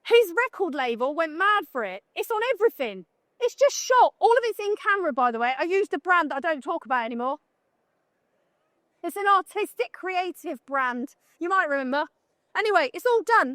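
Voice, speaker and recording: High-voiced blunt British woman. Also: sing-song, moderate pace, fairly bright tone, no echo, studio quality. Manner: blunt, joking, chatty, asks the audience questions. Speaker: photographer giving a talk. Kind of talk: live conference talk. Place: conference talk room at a trade show.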